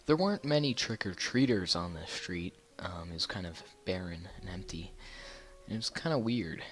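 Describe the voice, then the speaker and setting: A man's voice: sits low, animated, normal speed. A man telling a personal story in a casual storytime vlog, rambling with many fillers and restarts. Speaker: YouTuber.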